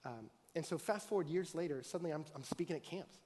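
A man preaching with a fairly high voice, jumping from loud, excited bursts to hushed, earnest asides. His words ring out in a large hall with a long, lingering reverb. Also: fast, a little hiss or hum. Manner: animated, swings from loud excited bursts to quiet earnest talk. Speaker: pastor. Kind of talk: sermon with storytelling.

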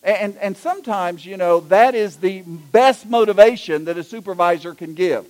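A man with a notably high-pitched voice preaches a sermon, moving easily between plain teaching and humorous anecdotes. He is middle-aged and speaks as a pastor to his congregation, in a folksy, conversational manner. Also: moderate pace. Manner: folksy, anecdotal, animated when telling jokes. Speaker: executive pastor. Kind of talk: sermon with storytelling.

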